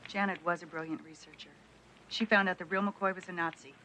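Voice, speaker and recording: A sharp level-headed detective. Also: female voice, fairly low pitch, fairly even intonation, brisk, a little hiss or hum, poor audio. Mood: firm. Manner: firm, reasoning. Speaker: police detective.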